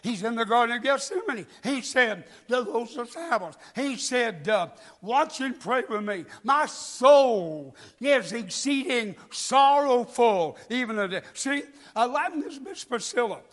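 A man's voice: very high-pitched, fairly bright tone. A male preacher, delivering a folksy sermon and asking the congregation questions. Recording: long hall reverb.

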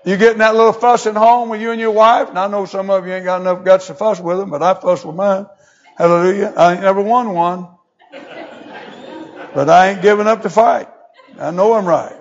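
Male preacher, high-pitched, folksy down-home sermon style, muffled lo-fi church recording. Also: fairly even intonation, brisk. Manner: folksy preaching with scripture read in old English. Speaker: pastor.

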